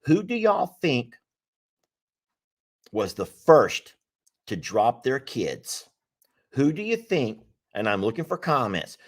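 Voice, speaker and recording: A man's voice: medium pitch, sing-song, slow pace, long pauses. A man hosting a casual live stream, teasing and laughing often. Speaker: livestream host.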